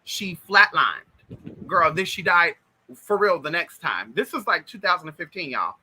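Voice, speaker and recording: A man telling spiritual stories in an animated, chatty way, talking straight to his listeners. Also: a little high, a little slow, slight background noise, low-quality recording. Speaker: spiritual vlogger. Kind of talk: casual spiritual storytelling.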